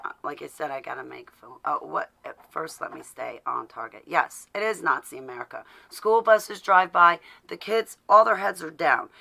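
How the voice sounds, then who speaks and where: A woman's voice: deep voice, expressive, moderate pace, creaky, sharp tone. A woman vlogger in a rambling, sarcastic live video from home, greeting viewers by name as she talks. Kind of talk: casual rambling political rant.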